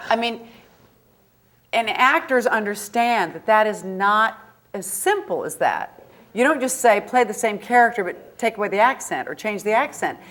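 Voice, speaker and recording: A woman from the northern United States, a guest actress answering audience questions in a chatty, anecdotal way, animated and often laughing. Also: medium pitch, normal speed. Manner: animated, laughing, acts out quoted voices.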